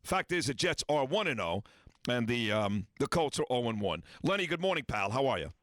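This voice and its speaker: A man's voice: mid-range voice, very animated, a little fast, a bit bright, dry recording. A man hosting a morning sports talk radio show, bantering with strong opinions.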